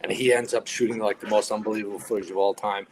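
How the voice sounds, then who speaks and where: A man in his fifties from New York, a retired firefighter and podcast guest, telling stories in a lively way and acting out other people's lines. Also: lowish voice, quick pace, a little hiss or hum. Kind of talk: casual storytelling interview.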